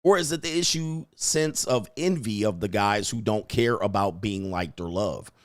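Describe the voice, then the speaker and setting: A man's voice: fairly low pitch, normal speed, no echo, clean studio sound. A man hosting a live stream as a dating coach, rambling crudely, reading viewer questions and putting on mock voices.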